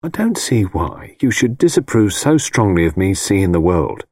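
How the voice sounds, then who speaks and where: An offhand, restless young man, as a narrator plays him, brushing off questions in a slightly defensive tone. His lively voice moves up and down, heard close in a dry recording. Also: low-pitched, normal speed, no echo, exaggerated voice. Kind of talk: audiobook character voice.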